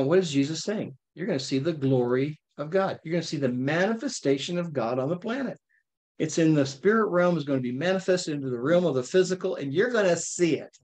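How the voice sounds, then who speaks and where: A man teaching an informal Bible study, talking with his listeners in a lively, playful way and often checking in with them. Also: fairly high pitch. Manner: conversational, checks in with frequent "okay?".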